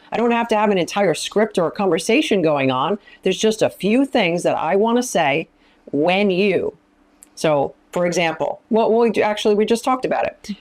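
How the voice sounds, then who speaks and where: A woman's voice: medium pitch, darkish tone. A middle-aged woman speaking as a ministry founder, teaching in an emphatic way and often repeating phrases for stress. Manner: emphatic, repeats phrases, acts out quoted lines. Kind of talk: teaching talk in an interview.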